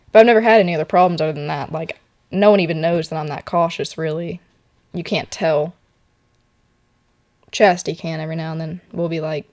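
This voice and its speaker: A young woman tells a personal story in a soft, hesitant way, full of filler words. Her voice sits a little low and stays fairly level in pitch. She talks while posing in an artist's studio. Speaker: portrait model interviewee.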